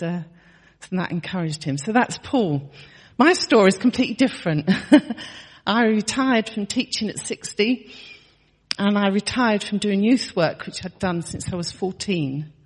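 A woman's voice: medium pitch, a little slow, husky, long reverb tail. A woman in her sixties telling a personal testimony in a chatty storytelling way, laughing often and restarting her sentences. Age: 60s. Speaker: church member sharing testimony.

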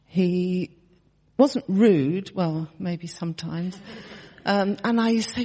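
A woman in her sixties shares a personal church testimony in a chatty storytelling way, laughing often and restarting her sentences. Her fairly low voice is slow and dark in tone, with a long reverb tail.

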